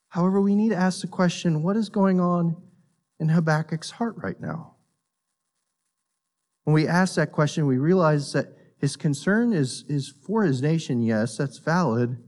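A man preaching a sermon, earnest and emphatic, repeating words as he builds a point and sinking low and quiet on solemn lines. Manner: repeats words while thinking. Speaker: pastor.

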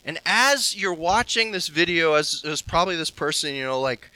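Impassioned bright-voiced male preacher. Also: on the high side, animated, normal speed, no echo, low-quality recording. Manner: impassioned, swinging from hushed to loud. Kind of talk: sermon.

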